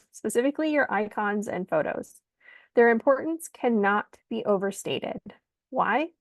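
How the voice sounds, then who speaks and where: Clear, instructive woman, higher voice. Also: no room sound. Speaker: pitch coach. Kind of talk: online presentation lesson. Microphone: video call.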